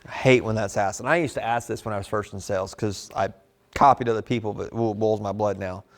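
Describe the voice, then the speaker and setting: A man teaching a live sales training class in a casual, animated way, slipping into short customer role-plays. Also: fairly low pitch, fast talker. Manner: animated, conversational, drops into customer role-play.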